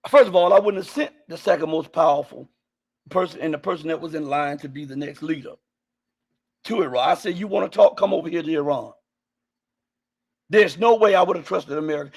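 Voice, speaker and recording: A live-streamer with a high-pitched, husky voice and some vocal fry rants about politics with real passion. His delivery is repetitive and heated, full of rhetorical questions and sudden bursts of yelling.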